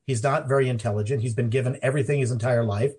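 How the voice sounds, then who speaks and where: A man's voice: mid-range voice, fairly even intonation, rapid-fire, a little mellow, husky. A man talking as an interview guest, rambling with many restarts and fillers. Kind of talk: conversational interview. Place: Mountain Time Zone.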